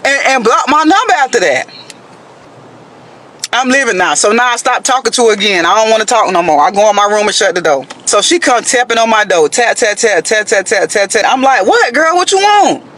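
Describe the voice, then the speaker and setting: A man casually telling a dating story to camera in an animated way, often calling out to his listeners. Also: high-pitched, a little fast. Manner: animated, addresses listeners as "y'all".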